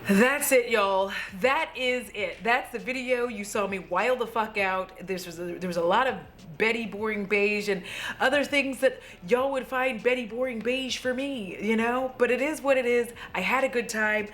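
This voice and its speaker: A woman with a slightly high voice hosts a casual makeup review vlog from home. She is tipsy and talks in an excitable, gushing rush, with swearing sprinkled all through. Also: moderate pace. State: tipsy from drinking. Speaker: beauty vlogger.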